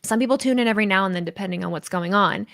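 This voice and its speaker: A woman's voice: mid-range voice, rapid-fire, vocal fry, a bit bright. A woman hosting a live stream, chatting candidly and rambling, swearing freely as she talks. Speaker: host of a wrestling stream. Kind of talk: casual live-stream chat.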